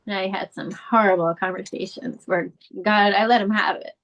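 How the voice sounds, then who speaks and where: A rough recording captures a fairly bright, moderately paced woman's voice with fairly even intonation. She's a middle-aged bereaved mother and advocate giving an interview, telling a painful family story with earnest candor, her pitch rising as she grows emotional.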